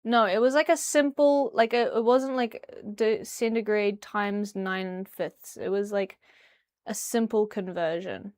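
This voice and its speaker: A woman's voice: a little high, unhurried, darkish tone. A young woman from New Zealand chatting casually on a livestream while tidying her room, rambling and humming to herself. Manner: rambling, chatty, hums and sings nonsense syllables while tidying. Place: her bedroom.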